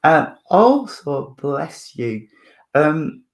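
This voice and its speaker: A man working as a spiritualist medium at a church service, talking gently and hesitantly with many fillers, restarts and apologies. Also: on the high side, big pitch swings, extremely slow.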